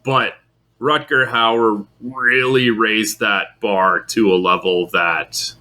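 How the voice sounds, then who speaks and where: A man co-hosting a film podcast, casually arguing his opinions with lively shifts in tone. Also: takes it slowly. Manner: opinionated, lively pitch swings, argues his points. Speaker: podcast co-host. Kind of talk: casual film review chat.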